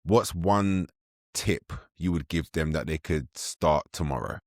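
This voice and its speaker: A man's voice: very deep voice, unhurried, dry recording, studio quality. An English man hosting a podcast interview, chatty, informal and self-deprecating. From England. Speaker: podcast host.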